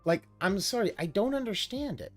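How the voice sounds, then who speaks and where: A woman's voice: mid-range voice, animated, fairly quick. Sarcastic woman ranting over faint music. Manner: exasperated, sarcastic, swears a lot, mocking voices. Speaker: stream host reacting to a video. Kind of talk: profane ranting reaction commentary.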